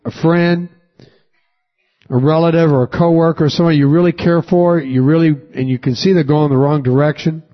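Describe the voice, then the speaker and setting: A man's voice: fairly high pitch, fairly even intonation, moderate pace, highs cut off, faint music behind. A man preaching a sermon, reading scripture aloud and quizzing the congregation with questions and rising emphasis. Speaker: pastor. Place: church sanctuary with congregation.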